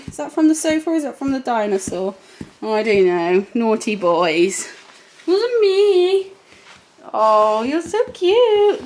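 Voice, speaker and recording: A young woman filming her day at a horse yard, chatting to the camera and fondly talking to her horses. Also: on the high side. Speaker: horse rider running a yard. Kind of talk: casual vlog narration. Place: outdoor stable yard. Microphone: camera mic, no clip-on.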